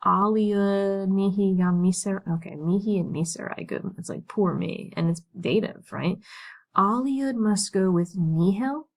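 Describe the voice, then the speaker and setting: A woman talks through a Latin passage at a slow, unhurried pace, thinking aloud as she goes. Her pitch sits in an ordinary middle range, and she leans on "right?" and "like" as she checks each point. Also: rough recording. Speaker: Latin teacher. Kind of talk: casual talk-through of a Latin text.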